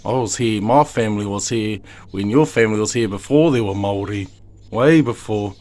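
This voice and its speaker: A man's voice: fairly low pitch, moderate pace, a little mellow. Emotional New Zealand man pleading. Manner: emotional, pleading, swears heavily, rambling. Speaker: father; video maker. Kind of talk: impassioned direct-to-camera monologue.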